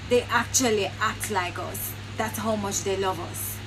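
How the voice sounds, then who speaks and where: A woman gives blunt, exasperated commentary to camera. Her voice sits at a middle pitch. Traffic and passing vehicles are clearly heard behind her. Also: a little slow. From Jamaica. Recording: noisy with vehicle sounds.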